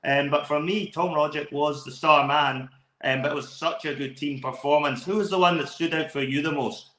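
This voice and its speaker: A man's voice: fairly high pitch, fairly even intonation, moderate pace, pushed and bright. A man with a Scottish accent co-hosting a football podcast, giving long, enthusiastic match analysis. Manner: talkative, enthusiastic, long flowing takes. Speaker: podcast co-host. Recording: roomy echo.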